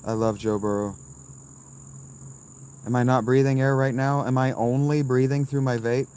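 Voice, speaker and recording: A man in his thirties, live streaming from a campsite and answering his chat with blunt, dismissive, quick replies. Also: mid-range voice, steady tone, darkish tone, slight background noise. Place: outdoors at a campsite.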